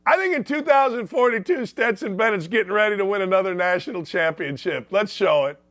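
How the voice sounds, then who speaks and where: Brash high-voiced sports talk host. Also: male voice, expressive, brisk, a bit bright, no room sound. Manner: brash, mocking, talks straight to viewers. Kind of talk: opinionated sports commentary.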